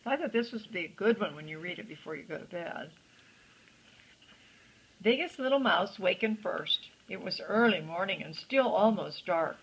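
Older woman, husky, storybook read-aloud with friendly asides to a young listener. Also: mid-range voice, animated, normal speed, low-quality recording. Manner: gentle, chatty asides to the child. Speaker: storyteller grandmother. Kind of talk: reading a picture book aloud to a child.

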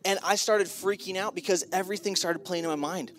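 A man's voice: high voice, steady tone, fairly quick, fairly bright tone. A middle-aged man giving a casual, humorous sermon to graduating students on a school stage, acting out his own reactions. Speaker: keynote speaker.

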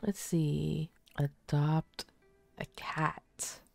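A soft-spoken woman narrating a game playthrough in casual commentary. Her voice is low, mellow and unhurried, and she often drops into near-whispers. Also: steady tone, gravelly, no room sound, faint music behind. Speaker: let's play host.

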